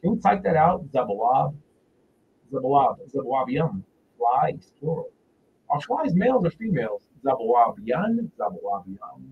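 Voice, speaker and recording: A man's voice: medium pitch, sing-song, gravelly, slight background noise. Chatty man teaching, distant muffled mic. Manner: loose and chatty, repeats words slowly. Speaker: livestream religious teacher. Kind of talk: casual religious teaching on a livestream. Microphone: phone directly in front of him.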